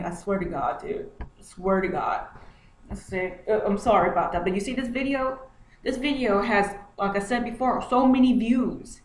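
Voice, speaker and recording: Woman vlogger at a home computer, agitated screen-share commentary, keeps repeating lines, mid-pitched, echoey room with faint hiss. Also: moderate pace. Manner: agitated, repeats herself often. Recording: roomy echo, faint noise.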